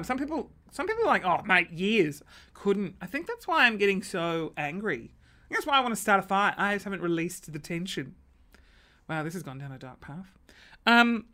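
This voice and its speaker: A young Australian woman telling comic stories on her live stream. She acts out quoted lines in sudden high voices. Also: a bit bright. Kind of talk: comedic storytelling.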